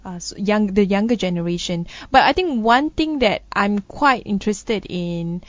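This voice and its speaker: A woman's voice: mid-range voice, expressive, moderate pace, no echo. A woman co-host, chatting casually about the news with frequent laughs and a sarcastic streak. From Malaysia. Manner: laughs often, sarcastic banter, thinking aloud with restarts. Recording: dull, dry studio sound.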